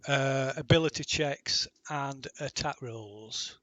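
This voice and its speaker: A man's voice: medium pitch, fairly bright tone, no room sound. A man running a tabletop game as game master, stopping and restarting often as he checks rules and tallies damage. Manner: halting, full of ums and restarts while checking rules.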